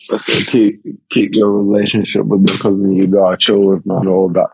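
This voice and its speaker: Young man, laid-back slangy co-host on a call, husky and low. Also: little pitch movement, normal speed, hardly any pauses, darkish tone, no room sound, faint music behind, rough recording. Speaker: podcast co-host. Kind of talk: casual chat. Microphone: remote call.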